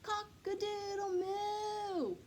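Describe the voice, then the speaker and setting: Storybook cow, female, silly; big slow high moo-crow; woman voicing. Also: level tone, slight background noise, full character voice. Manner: drawn-out, loud, high sing-song moo-crow.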